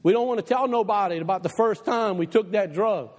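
A man preaching a passionate sermon to his church, dropping low and quiet for the advice he quotes, then climbing again. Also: a little fast, long reverb tail. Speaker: pastor. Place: church sanctuary.

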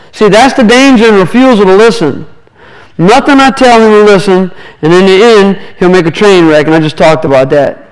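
A man's voice: high-pitched, moderate pace, smooth, low-quality recording. A man preaching a sermon, telling a personal story and acting out quoted dialogue, often restarting his words. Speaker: minister.

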